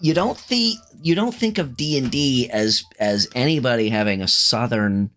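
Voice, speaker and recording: A man's voice: mid-range voice, normal speed. A man co-hosting a casual tabletop game chat, swearing freely and stumbling through fillers. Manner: swearing, animated, hesitant fillers. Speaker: podcast co-host.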